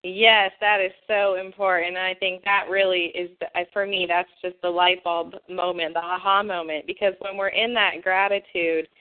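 A woman's voice: on the low side, level tone, normal speed, hardly any pauses. Woman host all enthusiastic, tinny phone sound. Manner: enthusiastic, affirming. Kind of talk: casual conversational interview. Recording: phone-like line.

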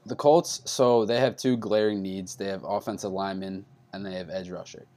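A man from New York in a casual sports chat as a podcast co-host, talking animatedly, with his voice jumping up when he argues. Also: normal speed. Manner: animated, pitch jumps up when arguing.

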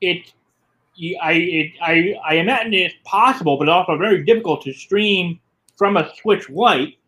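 A man chatting casually, telling a story with quick asides. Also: sits high, bright, forceful tone, rough recording. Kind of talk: casual podcast chat.

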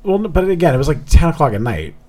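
A man's voice: on the high side, big pitch swings, fast, a little mellow. A man chatting casually on a podcast, joking and swearing as he tells a story. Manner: joking, profane, emphatic. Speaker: podcast co-host. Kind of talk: casual chat.

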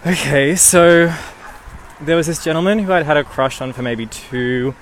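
Man from Newcastle, a touch higher pitched, for casual, animated podcast anecdotes. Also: moderate pace, a little hiss or hum. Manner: animated, swears freely, laughs mid-story. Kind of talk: casual storytelling.

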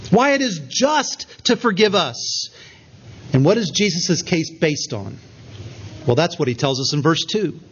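A man preaching an earnest expository sermon, slowing down with emphatic pauses on key points. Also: high voice, a bit bright, dull audio. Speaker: pastor.

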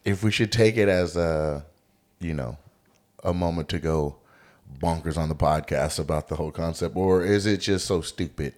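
A man co-hosting a podcast, chatting casually and telling stories in an animated, joking, profane way. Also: low-pitched, moderate pace. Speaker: podcast co-host.

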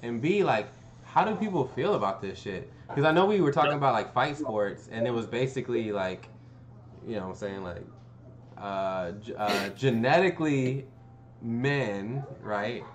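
A man's voice: mid-range voice, lively intonation, a little hiss or hum. A man hosting a casual podcast chat, hedging and trailing off as he talks. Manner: halting, hedging, trails off into mumbles. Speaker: podcast host.

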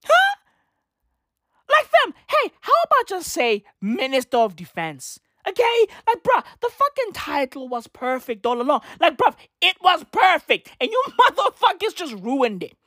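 A woman's voice: extremely high pitch, huge pitch swings, unhurried, bright, forceful tone, no echo, studio quality. A woman delivering a profane, slang-filled comic rant, repeating her punchlines and swearing freely. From South Africa. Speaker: comedic vlogger. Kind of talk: profane comedic rant to camera.

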